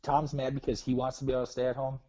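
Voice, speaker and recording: A man's voice: medium pitch, level tone, racing, mellow, highs cut off. A man calling into a live show, chatting casually and grumbling in a self-deprecating way. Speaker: caller. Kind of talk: casual chat.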